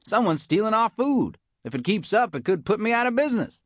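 A man's voice: high-pitched, sing-song, fairly quick, a bit bright, no room sound, clean studio sound, pitched above the performer's own voice, exaggerated voice. A man voicing a tough, motherly female iguana who runs a school cafeteria, talking in a weary, bossy way. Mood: worried.

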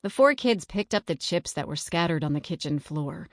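A woman reading a children's storybook aloud in an even, steady manner. Her voice sits low for a woman. The recording is dry and close with no room sound. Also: normal speed, no echo. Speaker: narrator.

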